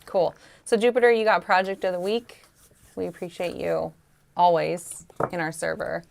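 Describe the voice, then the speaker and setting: Chatty woman co-host with gravelly voice. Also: on the low side, normal speed. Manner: laughing, chatty, upbeat. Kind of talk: casual livestream chat.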